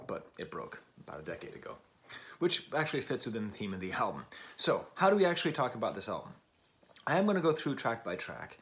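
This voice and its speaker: A man's voice: on the low side, fairly bright tone. An American man hosting his own record review, musing aloud in a digressive way and searching for the right words. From United States. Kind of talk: casual album review.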